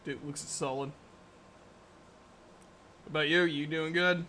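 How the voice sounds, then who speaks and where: A man's voice: on the high side, fairly even intonation, a little slow, pushed and bright, slight background noise. A man running a tabletop game as dungeon master, joking and laughing often in casual chat.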